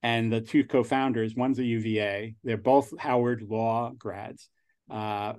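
An angel investor in his sixties with a New York accent speaks as an interview guest in a level, medium-pitched, slightly slow, darkish voice. He talks casually and rambles, often restarting his sentences.

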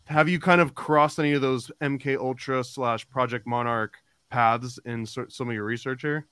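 A man's voice: mid-range voice, steady tone, normal speed, sharp tone, smooth, dry recording. A man hosting a podcast interview, asking long rambling questions full of fillers. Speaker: podcast host.

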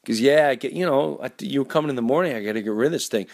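A man hosting a podcast, telling a dramatic story in an animated, rambling way full of restarts. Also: medium pitch, rapid-fire, vocal fry. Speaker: podcast host.

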